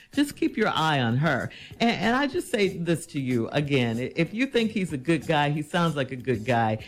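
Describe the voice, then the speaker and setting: A woman hosting an advice show, reading a listener's letter, then answering in an incredulous, teasing way. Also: low voice.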